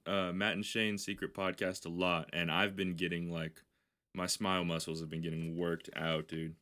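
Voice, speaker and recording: A man's voice: low voice, level tone, moderate pace, pushed and bright. A man hosting a podcast, telling long rambling stories in casual, heavily profane chat. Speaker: podcast host.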